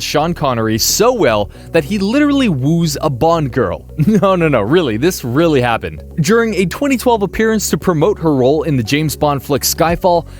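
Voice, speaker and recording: Lively man narrating a countdown. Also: a little high. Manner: lively, chatty, playfully emphatic. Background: faint background music.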